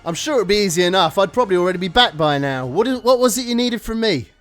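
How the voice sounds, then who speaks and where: A man's voice: high-pitched, expressive, fast talker, fairly bright tone, no room sound, pitched above the performer's own voice. A man voicing a tough, muscular woman with a British accent, brash and blunt, swearing and calling people mate. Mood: boisterous.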